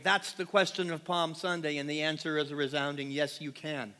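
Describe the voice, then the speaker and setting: A fairly high, bright-toned man preaches with passion in a large church, his voice carrying a long hall reverb. He rises to loud, emphatic peaks, then drops to hushed lines, and keeps asking the congregation questions. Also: moderate pace. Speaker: pastor. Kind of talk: sermon.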